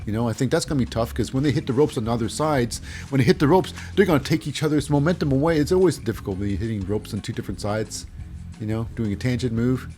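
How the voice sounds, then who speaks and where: A man's voice: mid-range voice, fast talker, a little mellow, soft background music. A man hosting a casual wrestling recap, rambling with sarcastic asides. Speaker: host.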